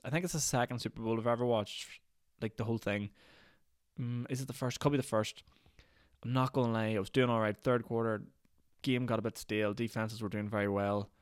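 Brief: Northern Irish male podcast host, ranty and rambling, lowish voice, rapid delivery. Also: no echo, studio quality. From Northern Ireland. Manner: rambling, ranty, heavy use of "like". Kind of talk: solo podcast rant.

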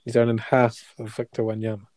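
A laid-back man with a mellow voice, recorded dry and close. He chips into the chat with easygoing comments. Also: mid-range voice, completely flat delivery, fairly quick, no room sound. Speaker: podcast co-host. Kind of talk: casual chat.

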